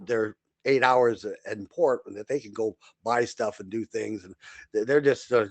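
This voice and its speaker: An older man, a comedian and podcast host, telling stories in a casual, animated way, repeating words and acting out voices. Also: lowish voice, normal speed, no echo. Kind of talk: casual storytelling.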